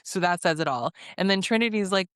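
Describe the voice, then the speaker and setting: A woman recaps a reality show in a chatty, sassy way. She laughs often and acts out quotes in a fairly low voice. The sound is close and dry, with no room echo. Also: animated, a little fast, a bit bright, clear, resonant tone. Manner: sassy commentary. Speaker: recap host.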